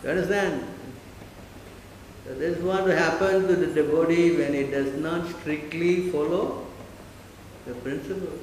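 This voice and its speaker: A man's voice: a little high, unhurried, long pauses, slight background noise. A man giving a devotional class, emphatic and full of rhetorical questions, checking often that listeners understand. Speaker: spiritual teacher. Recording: echoey hall.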